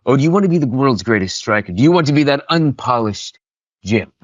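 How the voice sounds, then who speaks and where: A man's voice: mid-range voice, lively intonation, brisk, no echo, highs cut off, voice pushed up, natural voice. A man voicing a cranky, driven, confident male cult-leader coach, delivering a theatrical villain monologue. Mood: menacing.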